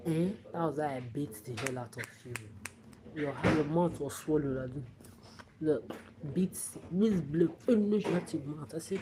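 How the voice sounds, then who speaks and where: A woman rants angrily on a livestream, swearing and repeating herself. Her voice sits low. A steady background noise is clearly heard under her. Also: moderate pace. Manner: profane, repetitive, confrontational. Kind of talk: angry livestream rant.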